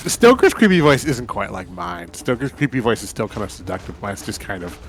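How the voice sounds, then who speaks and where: A man's voice: on the low side, very animated, brisk, slight background noise. A man hosting a live game stream, chatting casually and playfully, laughing often. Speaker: stream host.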